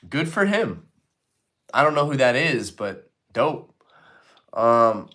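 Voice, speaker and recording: A man's voice: mid-range voice, a bit bright. A man hosting a casual live stream, rambling and swearing freely as he answers chat comments.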